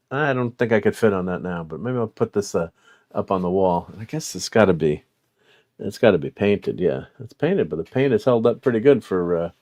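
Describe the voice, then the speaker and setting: Middle-aged male toy collector, slightly low voice, loose rambling delivery full of "uh"s and chuckles; portable mic. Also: a little mellow. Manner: rambling, many fillers, chuckling. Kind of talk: casual unboxing chat.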